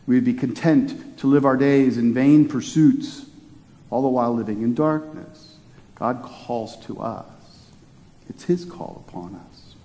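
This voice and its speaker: A man's voice: medium pitch, dark tone, long reverb tail. A man preaching a sermon in a conversational way, often restarting his phrases. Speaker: pastor.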